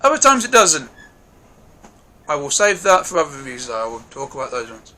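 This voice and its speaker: Man, film reviewer, casual, excitable, sweary, high voice. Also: a little fast, slight background noise. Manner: excitable, gushing, swears a lot.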